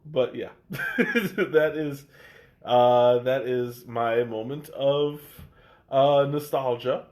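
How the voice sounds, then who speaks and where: This livestream tea taster is a man with a medium-pitched, darkish voice who stretches his words out. He sounds stuffed up and talks casually but haltingly, leaning on fillers and restarting his sentences.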